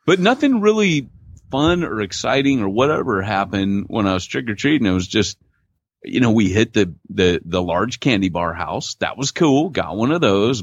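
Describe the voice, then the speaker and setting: Animated low-voiced man on a lo-fi line. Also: fairly quick, slightly rough, dry recording. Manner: animated storyteller, laid-back slang. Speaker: podcast co-host. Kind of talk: casual chat. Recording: dull lo-fi dry audio.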